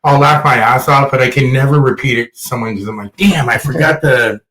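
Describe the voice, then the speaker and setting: A man's voice: medium pitch, quick pace, reverberant, low-quality recording. A man with a mid-range voice hosts a laid-back podcast. He talks in a crude, joking way and tells stories with lots of energy. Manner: crude, joking, animated storyteller. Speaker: podcast host. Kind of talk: casual podcast chat.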